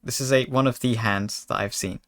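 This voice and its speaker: Bright-voiced male streamer chatting to chat. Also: mid-range voice, steady tone, fairly quick. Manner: chatty, joking, mock-angry asides to chat. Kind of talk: casual gaming commentary.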